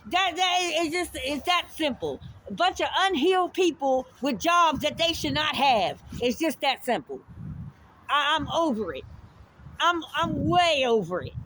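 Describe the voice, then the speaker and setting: A woman telling a heated personal story straight to her viewers, animated and full of swearing. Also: sits high, unhurried. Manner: animated, profane, addresses viewers directly. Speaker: storyteller recounting a confrontation.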